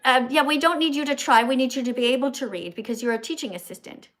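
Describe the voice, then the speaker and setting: A woman hosting a live stream in a blunt, bossy, confrontational way, with quick asides to her viewers. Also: sits high, a bit bright. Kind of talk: casual live-stream chat.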